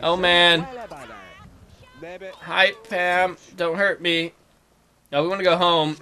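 A young let's-play gamer with a high voice delivers casual, jokey commentary as he plays, quickly getting excited and acting out the game characters' lines.

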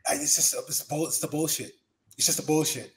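A man in his thirties, a former pro wrestler, telling profane, lively stories as an interview guest. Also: a little high, fairly quick. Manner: animated storyteller, profane, acts out quotes. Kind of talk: casual storytelling interview.

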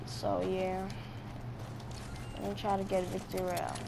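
A woman hosting her own gaming channel and giving gameplay commentary from her home basement. She opens with a loud, excited intro, then drops to quiet muttering while she plays. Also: mid-range voice, moderate pace, heavy background noise. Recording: clear background music.

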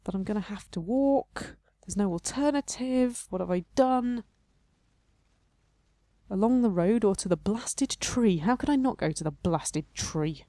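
A woman's voice: mid-range voice, animated, unhurried, warm tone, dry recording, clean studio sound. A woman hosting a game playthrough, reading the text aloud and adding playful, self-mocking asides. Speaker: let's play host.

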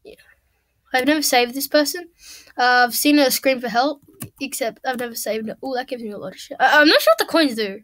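A young woman with a high voice talks over her game at home, chatty and rambling. She gets excitable fast and swears freely as she plays. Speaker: gamer. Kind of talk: casual gameplay commentary. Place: home room at a computer.

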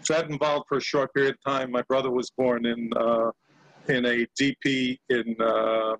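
A man's voice: mid-range voice, level tone, moderate pace, a bit bright, low-quality recording. An older man on a video call, a Yiddish actor and singer, talking casually with many fillers and hesitations. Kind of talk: casual video-call chat with sung comic song.

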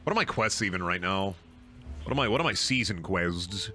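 A man's voice: deep voice, animated, brisk, pushed and bright, faint music behind. A man streaming a video game, joking crudely and talking to his chat. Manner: joking, crude, talks to chat, bursts into silly voices. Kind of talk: casual gameplay commentary.

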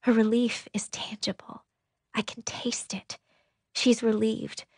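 A woman narrating a novel in an intimate, breathy, half-whispered audiobook reading. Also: a little high, little pitch movement, slow pace, a little mellow, dry recording, clean studio sound.

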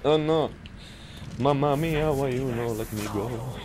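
An overblown, excitable stereotypical Italian man, put on by a gamer, with a raised voice and sing-song lilt. Game noise runs under it. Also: high voice, unhurried, voice pushed up. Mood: exclaiming. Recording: noisy game audio behind.

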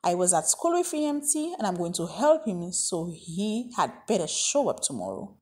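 A woman's voice: fairly low pitch, sing-song, normal speed, a little mellow, breathy edge. A woman voicing a worried father who speaks firmly and emphatically. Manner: firm, emphatic. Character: worried grown father, firm and caring.

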